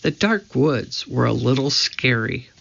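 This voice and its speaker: Storybook reader: man, slow and gravelly, dull lo-fi recording. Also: medium pitch, animated, a bit bright. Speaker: narrator. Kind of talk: reading a children's book aloud.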